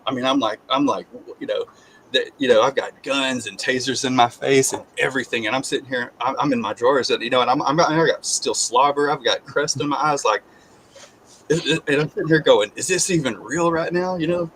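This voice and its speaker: A man of middle pitch tells a personal story in an easy, conversational way. He acts out what people said, and he often circles back and restarts his lines. A faint hiss sits behind his voice. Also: fairly quick, low-quality recording. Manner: animated, acts out quoted voices, repeats and restarts. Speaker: guest sharing his testimony.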